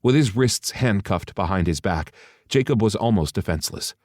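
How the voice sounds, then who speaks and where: A man reading an audiobook in steady, even scripted narration. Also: fairly low pitch, normal speed, no room sound, studio quality.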